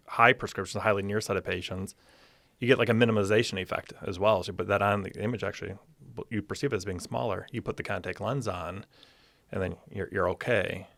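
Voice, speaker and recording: A man, an optometrist, telling clinic stories on a podcast with animated, excitable energy. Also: deep voice, vocal fry, no echo. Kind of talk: podcast storytelling. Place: podcast recording room.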